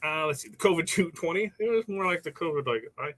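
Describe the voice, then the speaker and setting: A man's voice: on the high side, lively intonation, quick pace, a bit bright, rough recording. A man hosting a casual livestream from his workshop, rambling through viewer comments and stories with frequent laughs. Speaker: livestream host. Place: workshop while pressing shirts.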